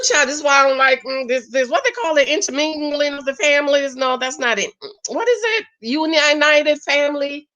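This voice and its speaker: A woman's voice: high voice, a bit bright, dull audio. A woman hosting a casual reality TV recap, chatty and exclamatory, often calling her viewers child and honey.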